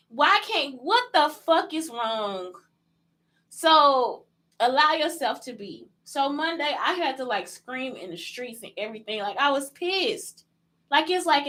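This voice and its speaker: A woman with a high, bright, forceful voice hosts a casual solo podcast, blunt and profane, firing rhetorical questions straight at her listeners and calling them "y'all." The recording quality is low.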